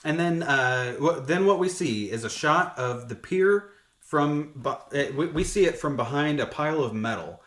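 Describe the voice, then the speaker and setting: A man's voice: a little high, lively intonation, moderate pace, a bit bright. A man co-hosting a podcast in casual chat, retelling a film scene in wry detail with frequent chuckles. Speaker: podcast co-host. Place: shared recording room. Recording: roomy echo.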